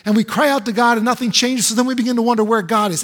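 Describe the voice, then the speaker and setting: A man's voice: extremely high pitch, fast, few pauses. A male pastor preaching a sermon in an emphatic, repetitive way, full of rhetorical questions. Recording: echoey hall with long reverb.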